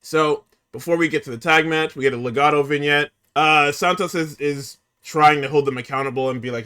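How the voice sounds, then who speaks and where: Exasperated, animated man. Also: fairly high pitch, a little fast, clean tone. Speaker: podcast host recapping wrestling. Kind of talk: casual recap.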